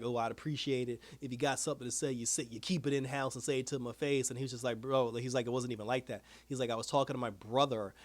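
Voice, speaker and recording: A man hosting a casual TV episode review, retelling scenes in an animated way with quoted dialogue and frequent laughs. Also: medium pitch. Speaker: TV review host.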